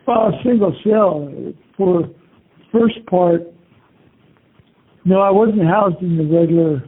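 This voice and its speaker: An older man, an interviewee calling from prison, rambles casually through his memories, leaning heavily on "you know" and swearing often. His voice sits high and husky, and he talks at a slow pace. The phone line sounds tinny.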